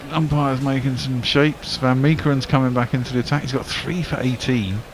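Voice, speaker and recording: A man calls a cricket match ball by ball at a middling pitch, chatty and relaxed between deliveries. He jumps up in pitch and volume when a shot flies or a run-out goes wrong. A faint hiss sits under the recording. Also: brisk, some chatter behind. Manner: excitable bursts on big shots, relaxed chat between balls. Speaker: cricket commentator. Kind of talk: ball-by-ball radio commentary.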